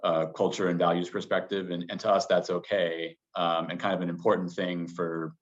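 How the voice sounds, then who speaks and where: A man being interviewed as a business guest, answering in a measured way full of qualifiers. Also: sits low, level tone. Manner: measured, hedging with many qualifiers. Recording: dull lo-fi sound.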